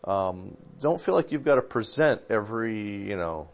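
This is a man's gravelly, fairly low voice at a moderate pace. He's a pastor chatting informally about theology, drifting a little, dropping in fillers and fixing his own statements as he remembers details.

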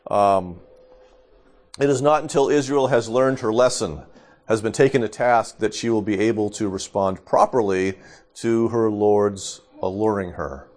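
A middle-aged male pastor teaches scripture in a relaxed, chatty way, often pausing to ask "okay?" and breaking into a laugh. His voice sits a bit low and sounds a little congested from allergies. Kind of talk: informal Bible teaching.

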